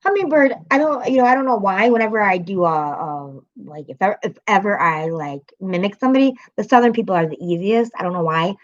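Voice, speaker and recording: A woman's voice: medium pitch, brisk, hardly any pauses. Chatty woman on a lo-fi livestream. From American city. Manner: rambling, chatty, laughs often, swears. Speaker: livestream host. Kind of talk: casual livestream chat.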